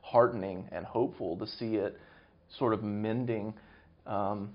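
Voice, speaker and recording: A man speaking as an interview guest, measured and academic, thinking aloud as he explains. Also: lowish voice, steady tone. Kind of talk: conversational interview. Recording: dull lo-fi recording.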